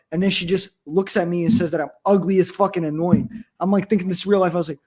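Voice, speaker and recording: A young man in casual chat, animated and profane, often laughing. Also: high-pitched, fast.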